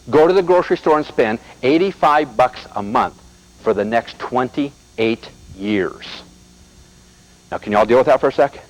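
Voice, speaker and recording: A man's voice: mid-range voice, low-quality recording. A middle-aged American man giving a motivational seminar talk, telling stories and speaking straight to the audience. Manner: animated storyteller addressing the audience directly.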